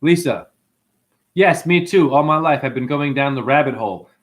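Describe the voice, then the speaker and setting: A man's voice: on the high side, normal speed. A man hosting a livestream, chatting in a rambling way, answering comments and swearing freely as he tells stories. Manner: excitable, profane, rambling storyteller. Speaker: livestream host.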